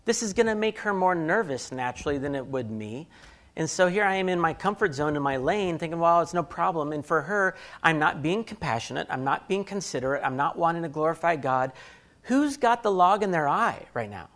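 A man's voice: a little high, lively intonation, fairly quick, fairly bright tone. A man, around his thirties, telling a candid, self-deprecating story about his marriage and acting out his own thoughts. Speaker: speaker sharing a marriage story. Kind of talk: personal storytelling talk.

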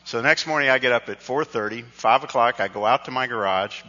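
Bright-voiced pastor telling a story. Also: male voice, mid-range voice, fast. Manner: animated, self-mocking storyteller who acts out dialogue. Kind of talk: sermon storytelling. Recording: dull recording with long hall reverb.

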